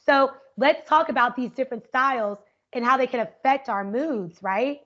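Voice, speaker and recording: An energetic woman teaches an online workshop in an upbeat, conversational way. She keeps checking in with her listeners and her voice sits fairly high. The video call audio is dull and lo-fi. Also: normal speed. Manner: energetic and upbeat, often asks "right?". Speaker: educator leading an online workshop. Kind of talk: interactive online workshop talk.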